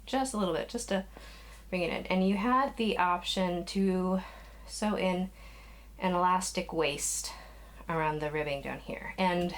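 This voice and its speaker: A woman's voice: fairly low pitch, measured pace, a little hiss or hum. Rambling, slightly breathless woman at home. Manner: rambling, with frequent restarts and sighs. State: a little out of breath. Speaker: knitting podcast host. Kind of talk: casual chat to camera. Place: small spare room used as a craft nook. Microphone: camera, moving in and out of frame.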